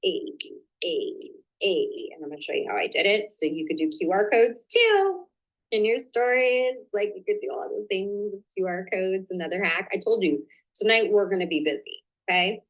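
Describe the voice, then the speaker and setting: A chatty, excitable woman hosts a live online coaching stream, her pitch swinging up and down as she talks. She talks straight to her viewers and drops into quiet asides to herself while she sorts out her slides, all heard through a computer mic. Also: moderate pace, muffled recording. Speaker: host of a live business training.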